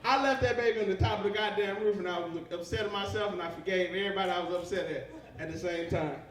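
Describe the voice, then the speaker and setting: A man's voice: sits high, quick pace, roomy sound, recorded from a distance. A young man doing live stand-up comedy, profane and rambling as he works the crowd. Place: comedy club stage. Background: audience laughter.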